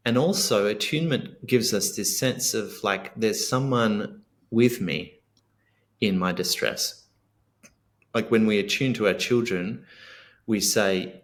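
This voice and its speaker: Earnest low-voiced man. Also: slow pace. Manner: earnest, reflective, acts out sample dialogue. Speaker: guest author and coach. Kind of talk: podcast interview.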